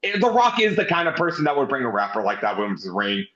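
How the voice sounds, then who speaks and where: A man's voice: medium pitch, big pitch swings, fast talker, a bit bright. A man co-hosting a casual wrestling review, talking animatedly and swearing often. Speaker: podcast co-host. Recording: roomy, dull lo-fi sound.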